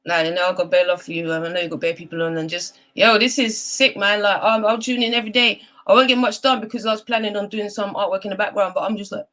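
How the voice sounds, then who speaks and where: A woman's voice: mid-range voice, level tone, quick pace, few pauses, fairly bright tone. A woman speaking as a guest poet on a video call, reciting spoken word poetry and then chatting in a heartfelt, earnest way.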